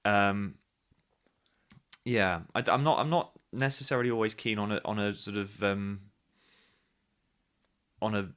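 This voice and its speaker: A man's voice: lowish voice, fairly even intonation, unhurried, long pauses, fairly bright tone, clean tone. A man, a pantomime actor, chatting as a guest in an interview and thinking aloud with many restarts. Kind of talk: casual interview chat.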